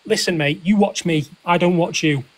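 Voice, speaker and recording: A man's voice: high-pitched, moderate pace. A man streaming live, arguing defensively and swearing at callers. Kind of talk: heated live stream argument.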